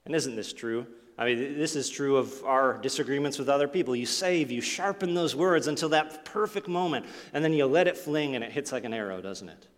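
A man preaching a sermon as pastor, asking the congregation rhetorical questions and swinging from forceful lines to hushed ones. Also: medium pitch, fairly quick, hardly any pauses, big-room sound. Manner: expressive preaching with rhetorical questions, sudden drops to near-quiet.

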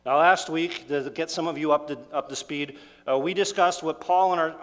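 A male pastor preaching with earnest emphasis, his voice sitting a little high for a man. He presses on key words and pauses between phrases. The sound hangs in a long hall reverb. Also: steady tone, fairly bright tone. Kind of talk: sermon.

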